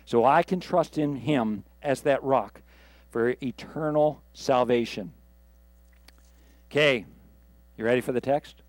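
A man's voice: mid-range voice, slow pace, long pauses, no room sound. A man preaching a sermon from the pulpit, reading scripture and building earnestly to emphatic peaks. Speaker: pastor.

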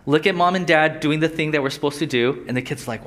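A man's voice: a little high, fast, a bit bright. A young adult man teaching a Bible lesson in a casual, conversational sermon style, often asking his listeners questions. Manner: conversational, asks the audience questions.

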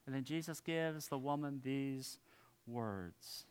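Slow, smooth-voiced male pastor. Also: mid-range voice. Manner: earnest, trailing off softly at phrase ends. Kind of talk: sermon. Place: church.

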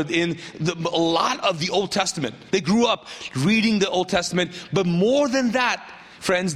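A man preaching a sermon in an animated way, acting out the people in his story with jokey asides. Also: sits high. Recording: long hall reverb.

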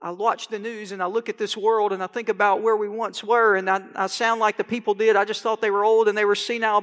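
A middle-aged man preaching a sermon as pastor, animated and dramatic, crying out scripture lines. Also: very high-pitched. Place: church sanctuary. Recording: long hall reverb in church.

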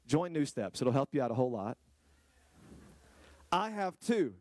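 A man preaching a sermon to a congregation, firing rhetorical questions and swinging from low, quiet lines to high, drawn-out exclamations. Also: sing-song, no room sound. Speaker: pastor. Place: church hall with a congregation.

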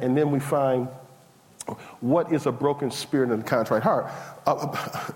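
A pastor preaching a sermon in a conversational style, building from calm to loud, high and fired up. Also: male voice. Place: church sanctuary. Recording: long hall reverb.

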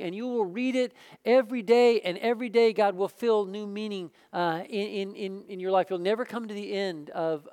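A man's voice: sits high, a little mellow, smooth. A pastor preaching a sermon, emphatic and repeating words as he builds each point.

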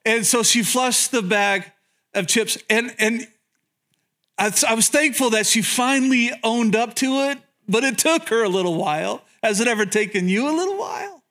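A man's voice: sits high, a bit bright. A man pastor preaching a sermon, telling humorous stories, questioning the audience, and often repeating words as he goes. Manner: frequent word repetitions.

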